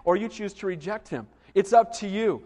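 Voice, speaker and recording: A middle-aged man preaching a sermon, telling lively stories and asking the congregation questions. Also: sits high, normal speed, long reverb tail. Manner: animated storytelling with asides to the congregation. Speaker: pastor.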